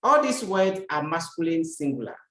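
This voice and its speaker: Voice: medium pitch, very animated, normal speed, a bit bright. A language teacher giving a recorded lesson, repeating each example sentence, translating it and asking the learner rhetorical questions. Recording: roomy echo.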